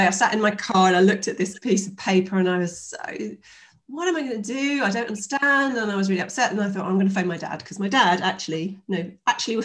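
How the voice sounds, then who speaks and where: A woman in her fifties speaks as a guest in a relaxed interview. She tells her story in a chatty, animated way, with plenty of fillers and restarts. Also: mid-range voice. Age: 50s.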